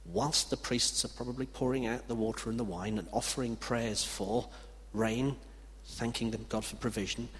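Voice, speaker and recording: A man preaching a sermon with emphatic delivery. He swings from loud declarations to hushed passages. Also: medium pitch, fairly even intonation, moderate pace, few pauses. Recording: reverberant hall with faint background noise.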